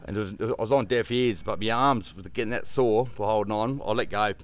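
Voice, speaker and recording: A man's voice: on the low side, a little fast. A man with an Australian accent, a guest telling a story in rambling casual conversation, swearing often and leaning on fillers.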